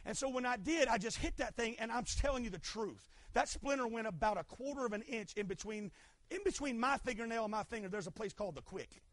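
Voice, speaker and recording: A middle-aged man preaching a fervent sermon, swinging between shouted lines and quiet asides. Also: very high voice, expressive, brisk. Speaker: pastor.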